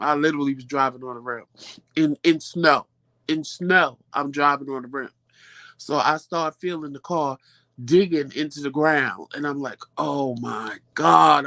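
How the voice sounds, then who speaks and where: A vlog host with a low voice tells viewers a story in a casual, animated way, often repeating phrases for emphasis. The recording has no room sound.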